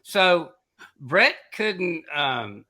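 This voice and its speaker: A middle-aged man co-hosting a podcast, telling a long casual anecdote in an animated way and laughing through his own story. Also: on the high side, drawn-out words, crowd noise. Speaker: podcast co-host.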